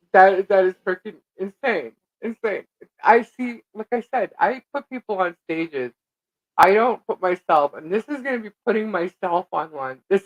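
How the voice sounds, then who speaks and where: A woman's voice: lowish voice, dry recording, dull audio. A woman co-hosting a live stream, telling a rambling story in casual chat, laughing often and filling with "uh" and "like".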